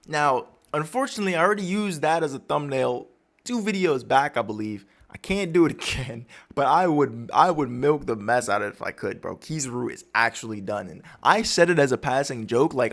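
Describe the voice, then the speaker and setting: A man's voice: a little high, big pitch swings, moderate pace. A man casually breaking down a comic chapter for his channel in a rambling, storytelling way. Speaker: manga recap YouTuber.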